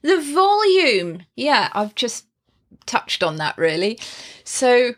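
Slow, expressive woman voice teacher. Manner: expressive, demonstrates pitch and volume changes while explaining; chatty, with frequent laughs and asides. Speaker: singing teacher giving video tips. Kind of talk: casual spoken tutorial.

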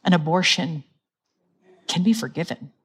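A woman delivers a sermon in a church with a fairly low voice. She is earnest, puts questions to her listeners and laughs at her own slips. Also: measured pace, a bit bright, breathy edge. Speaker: preacher.

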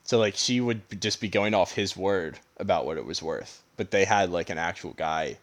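A man's voice: sits low, normal speed. A man co-hosting a casual movie chat, asking questions and chuckling between remarks. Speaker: podcast co-host.

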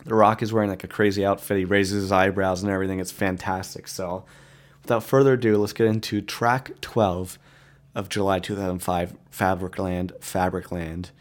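A man's voice: low-pitched, fairly even intonation, a little fast. A man hosting a music podcast, talking in a rambling, chatty and easily amused way. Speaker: podcast host. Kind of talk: casual chat.

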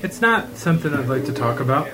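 A man's voice: mid-range voice, very animated, quick pace, crowd noise, rough recording. A man co-hosting a podcast in casual chat, rambling and playful, full of self-mocking jokes. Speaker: podcast co-host.

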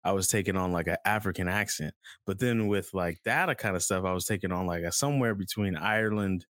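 A man's voice: low-pitched, fast, fairly bright tone, dry recording, studio quality. A man hosting a podcast in casual chat, rambling and playful as he jumps between topics. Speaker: podcast host.

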